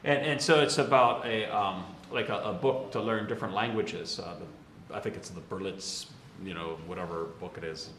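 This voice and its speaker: A man's voice: on the low side, moderate pace, fairly bright tone, reverberant, slight background noise. A man, a Catholic priest, giving a casual, conversational homily with slangy asides and laughs.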